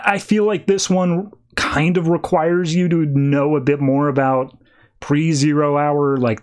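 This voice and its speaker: A podcast host with a somewhat high voice, casually recapping a comic book plot. He retells it with animation, slipping in and out of the characters' lines.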